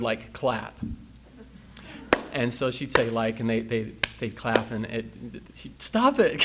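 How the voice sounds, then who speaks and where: A man's voice: medium pitch, a little hiss or hum. A man giving a recorded church talk to an audience, telling stories and acting out the people he quotes. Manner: animated storyteller, quotes people in funny voices. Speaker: speaker at a church youth talk.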